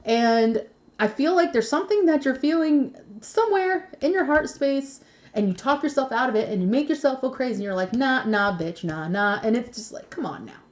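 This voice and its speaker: A woman's voice: high voice, animated, brisk, a little mellow, highs cut off. Chatty, swearing young woman reading tarot. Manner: chatty, swears freely, laughs often. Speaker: tarot reader. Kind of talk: casual tarot reading vlog.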